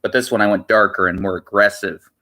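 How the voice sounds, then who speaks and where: Bright-toned rambling male streamer. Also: fairly low pitch, fairly even intonation, a little fast. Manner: rambling, repeats himself, many "you know" fillers. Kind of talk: casual livestream chat.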